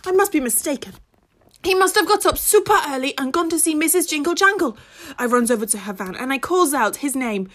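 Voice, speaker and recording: A woman's voice: sits high, animated, brisk, fairly bright tone. A woman narrating a children's story expressively in the first person, using childlike grammar. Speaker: audiobook narrator.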